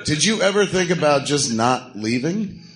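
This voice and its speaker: A man's voice: fairly high pitch, expressive, normal speed, a bit bright. A man interviewing on a live podcast, prompting with questions and jokey asides. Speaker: interviewer and co-host. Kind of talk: conversational interviewing.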